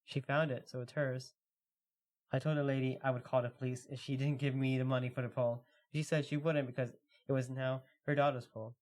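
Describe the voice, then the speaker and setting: A relaxed man co-hosting a casual podcast, reading stories aloud and chatting between them. His pitch sits in an ordinary middle range, and his delivery is loose and filler-heavy. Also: fairly quick. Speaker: podcast co-host.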